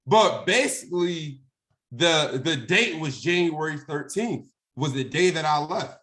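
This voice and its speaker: Slightly high, animated, and fairly bright, the voice of a young guest speaker moves a little slowly. He tells a personal story casually, often asking "right?" and dramatizing phone calls.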